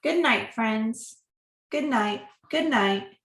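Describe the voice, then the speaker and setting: Woman reading as a singsong storybook rooster: bright, high, echoey room. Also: lively intonation, extremely slow, recorded from a distance, heavily acted. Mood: gentle. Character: cheerful male farm rooster greeting friends. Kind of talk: reading a picture book aloud.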